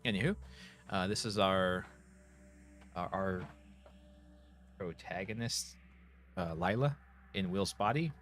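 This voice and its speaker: A man's voice: sits low, takes it slowly, pauses often, fairly bright tone. A man giving rambling let's play commentary with many fillers. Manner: rambling, filler-heavy, chuckling. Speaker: gaming youtuber.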